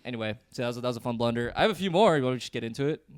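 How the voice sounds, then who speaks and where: A man's voice: medium pitch, expressive, very fast, no room sound, studio quality. A man co-hosting a podcast, a stand-up comic telling stories in casual chat, laid-back, laughing often and filling his talk with "like". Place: New York City.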